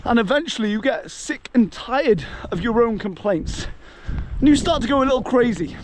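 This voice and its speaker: A young man with a fairly high voice gives an earnest pep talk, a little out of breath from the climb. He is filmed outdoors on a camera held as he walks. Soft hiss sits faintly under his words. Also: expressive, moderate pace. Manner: earnest, motivational rant. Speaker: travel vlogger. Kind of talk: walking vlog monologue. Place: outdoors on a hillside walk in the rain.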